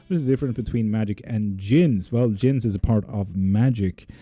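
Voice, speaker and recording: A man reading tarot live and answering viewers' chat questions, relaxed and casual, with the odd swear word. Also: fairly low pitch, normal speed, slightly rough, dry recording, soft background music. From not Swedish.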